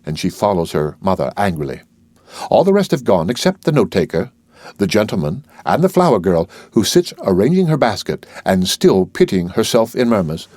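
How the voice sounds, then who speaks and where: A man narrating an audiobook of a stage play, reading the stage directions in a calm, lower narrating voice. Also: a little fast, no room sound. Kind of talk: scripted narration.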